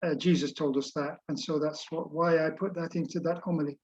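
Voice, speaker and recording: A man's voice: a little high, fairly even intonation, a little fast, a little hiss or hum. An older man, a bishop, answering questions on a video call in a reflective, hesitant way with many uhs and ums. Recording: dull lo-fi video-call audio.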